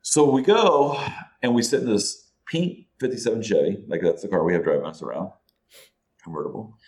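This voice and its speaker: A man's voice: fairly low pitch, normal speed. A man guest on a podcast, telling a story casually with lots of swearing and laughter. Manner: animated, profane, laughing as he tells a story. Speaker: guest, entrepreneur.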